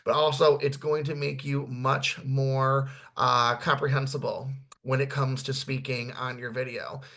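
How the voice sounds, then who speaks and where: Blunt guy w a gravelly voice coaching therapists, keeps saying right?, mid pitch. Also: level tone, a little slow, fairly bright tone. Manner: blunt, swears, says "right?" often. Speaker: therapist teaching marketing. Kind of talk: casual training talk.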